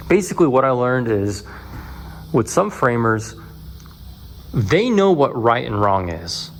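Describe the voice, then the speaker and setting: A man of ordinary pitch talks loosely through a walkthrough of his framed-up house, restarting sentences and getting lively when he retells a run-in. Faint noise sits behind him. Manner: casual, rambling, restarts, animated when retelling. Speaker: home builder filming his build. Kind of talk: walkthrough vlog. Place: house under construction.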